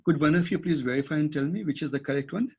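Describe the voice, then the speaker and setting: A man's voice: on the high side, racing, gravelly, darkish tone, slightly rough. A man teaching a class at a whiteboard, thinking aloud and often checking that his students follow. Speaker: instructor. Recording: dull lo-fi classroom recording.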